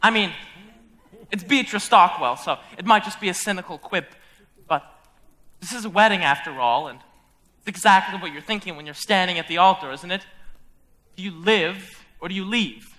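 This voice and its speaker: A man's voice: high voice, moderate pace, pauses often, bright, forceful tone. A young man playing a lonely theatre lover who talks wistfully to the audience about an old cast record, in a school stage musical. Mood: confiding. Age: young adult. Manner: confiding, wistful, rambling. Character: lonely theatre-loving man narrating from his chair. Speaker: stage actor. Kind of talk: live stage musical acting.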